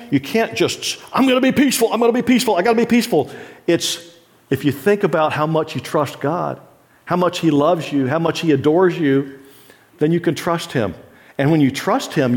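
Man preaching a conversational sermon. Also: on the high side. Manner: conversational teaching with frequent rhetorical questions and light laughs. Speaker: pastor. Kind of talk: sermon teaching.

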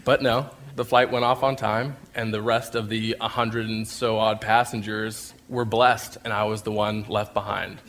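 A man's voice: lowish voice, level tone, measured pace, hardly any pauses, fairly bright tone, slight background noise. A man telling a personal faith story, acting out scenes and laughing at himself as he goes. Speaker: speaker sharing a faith testimony.

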